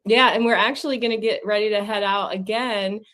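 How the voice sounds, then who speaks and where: A woman's voice: mid-range voice, fairly even intonation, brisk, poor audio. A woman filling in as livestream host, laughing at herself and bantering with guests over a video call. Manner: laughing, self-deprecating, warm banter. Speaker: stand-in show host. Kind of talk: casual livestream chat.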